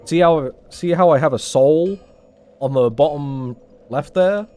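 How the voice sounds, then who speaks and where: A man's voice: a little high, unhurried, dark tone. A young man streaming a game, chatting casually with his viewers in a rambling, self-mocking way and swearing often. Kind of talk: casual gameplay chat with stream chat.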